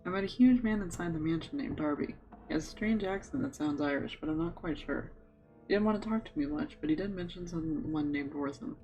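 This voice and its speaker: Earnest little girl diary voice by a streamer, a bit higher, faint music. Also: fairly quick, warm tone, lightly acted, poor audio. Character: young girl, timid diary narrator. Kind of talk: reading game diary aloud.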